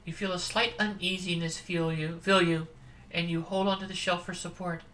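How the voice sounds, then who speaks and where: A woman's voice: lowish voice, level tone, moderate pace, a bit bright, low-quality recording. A woman streamer reading a dating sim aloud, chatty with amused asides.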